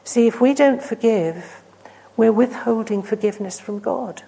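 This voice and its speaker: A woman delivers a sermon in a mellow, darker voice. She tells stories earnestly, pushing lines out with emphasis and then letting them fall almost to a hush. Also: a little high, measured pace, vocal fry, slightly rough, rough recording. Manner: earnest, rising to emphatic then dropping to hushed. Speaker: preacher.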